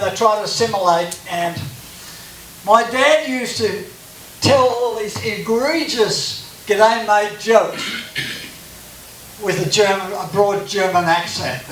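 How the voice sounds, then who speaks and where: A man's voice: sits high, measured pace, a bit bright. An Australian man giving a chatty, joking personal talk as guest speaker at a church gathering. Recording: echoey room from a distance, faint hiss.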